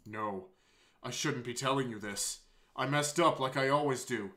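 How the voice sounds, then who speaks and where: Brief: man reading as a shy teen girl in a visual novel, tearful, halting, bright edge. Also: medium pitch, close to an everyday voice. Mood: anguished. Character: shy, anguished teenage girl.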